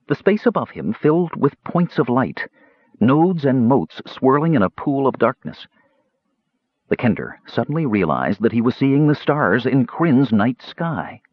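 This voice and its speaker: A man reading a fantasy audiobook with expressive, dramatic narration. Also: mid-range voice, normal speed, breathy edge, no room sound, dull audio.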